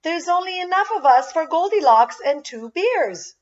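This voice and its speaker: A woman voicing an easygoing little preschool boy in a high, chirpy child voice, on a dull lo-fi recording. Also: animated, normal speed, recorded from a distance. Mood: childlike. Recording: dull lo-fi sound.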